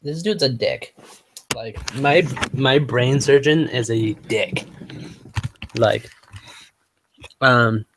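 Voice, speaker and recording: A man's voice: mid-range voice, very slow, pauses often, fairly bright tone, slight background noise. Man host, casual hangout talk: profane, rambling, trips over words now and then. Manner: profane, rambling, full of fillers; sometimes stumbles over words. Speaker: motovlog host.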